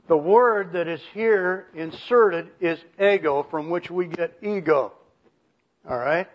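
An older man preaching a sermon in a folksy way, chuckling and often clearing his throat. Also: on the high side, a little slow. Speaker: pastor. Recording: muffled lo-fi recording.

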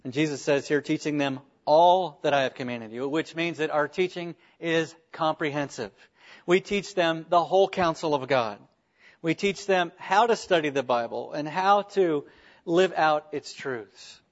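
A man's voice: fairly high pitch, measured pace, muffled recording. A man preaching a sermon as a pastor, earnest, with rhetorical questions and small restarts.

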